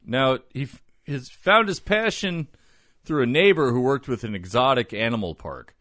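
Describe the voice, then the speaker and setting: Animated, laughing man telling a story. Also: mid-range voice, normal speed, no room sound, studio quality. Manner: animated storyteller, swears, laughs often, slips into silly voices. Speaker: podcast host telling the story. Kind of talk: casual comedic podcast chat.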